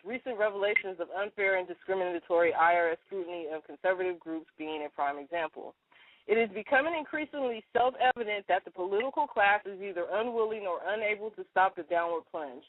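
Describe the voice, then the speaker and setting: A woman's voice: mid-range voice, dry recording. Ranting woman on a phone line. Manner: indignant, ranting, talks fast. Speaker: co-host. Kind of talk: casual radio chat, reading a letter aloud. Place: in a parked car. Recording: tinny dry phone line.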